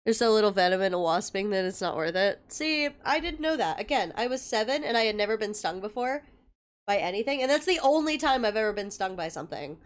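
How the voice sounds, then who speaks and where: A woman's voice: medium pitch, animated, fast talker. A young woman chatting casually with her viewers as a livestreamer, telling stories and swearing freely. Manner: chatty storytelling with frequent swearing; greets viewers by name.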